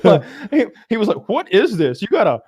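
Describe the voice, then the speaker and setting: A man's voice: sits high, huge pitch swings, fairly quick, darkish tone, husky. A man co-hosting a casual podcast, telling a rambling story full of restarts, acted-out quotes and laughter. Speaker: podcast co-host.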